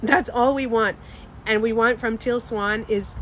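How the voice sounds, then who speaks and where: A woman's voice: fairly high pitch, fairly even intonation, a little slow, slight background noise. A young woman hosting a casual livestream, talking emphatically and answering chat comments. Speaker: livestream host.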